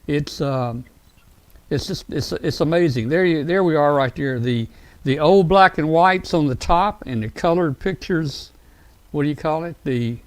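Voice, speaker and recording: Male show host; excitable, rambling, slightly high pitch. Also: unhurried, dry recording. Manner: rambling, excitable, many fillers and restarts. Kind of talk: casual live-show talk.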